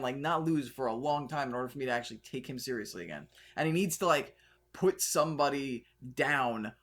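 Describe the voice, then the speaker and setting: A man co-hosting a podcast in casual chat, talking fast and acting out quotes in an animated way. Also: mid-range voice. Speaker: podcast co-host.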